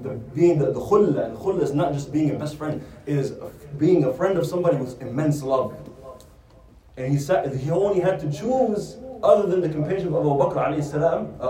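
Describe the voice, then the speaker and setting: A man's voice: fairly high pitch, fast, crowd noise. A man teaching a religious lesson, retelling a story and answering his own rhetorical questions. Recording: roomy sound from a distant mic.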